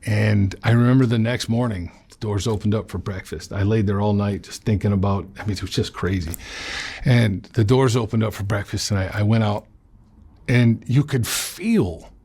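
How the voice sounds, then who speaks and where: A low-pitched man with a husky, breathy edge tells his own story as an interview guest. He talks bluntly and swears freely. He stumbles and restarts his sentences as he goes. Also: a little mellow. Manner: blunt and profane, halting with restarts. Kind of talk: recounting a personal story.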